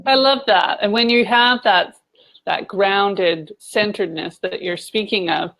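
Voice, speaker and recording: Woman hosting a chill interview, gushy and excited. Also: medium pitch, a little slow. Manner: gushing, enthusiastic. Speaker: host. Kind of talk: casual interview chat.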